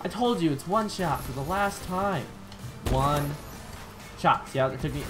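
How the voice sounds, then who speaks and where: A man giving chatty, excitable commentary on his own gameplay, with bursts of surprise and self-mocking asides. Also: fairly high pitch, measured pace. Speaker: gaming YouTuber. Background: background music.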